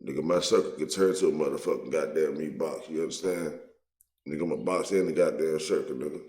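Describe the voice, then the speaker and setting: Very deep-voiced man ranting profanely. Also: quick pace, dark tone, roomy sound. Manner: profane, heated, street-slang rant. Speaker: online video host. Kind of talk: unscripted video commentary.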